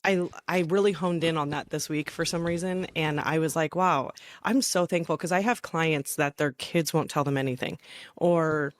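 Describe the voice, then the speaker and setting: A woman's voice: sits low, moderate pace, no room sound. A woman in her thirties co-hosting a casual podcast, talking in an eager, emphatic way. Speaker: podcast co-host. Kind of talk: casual chat.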